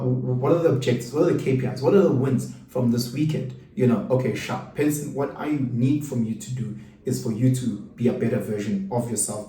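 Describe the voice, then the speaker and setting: A middle-aged South African man giving an animated, rhetorical monologue. He asks questions and repeats himself for emphasis. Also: mid-range voice. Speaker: host. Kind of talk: casual monologue. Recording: roomy room, mic at a distance.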